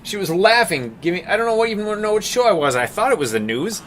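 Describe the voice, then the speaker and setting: A man's voice: high voice, very animated, fast, fairly bright tone, a little hiss or hum. A man chatting casually and rambling with jokes as he paints on a live stream, calling his viewers "team".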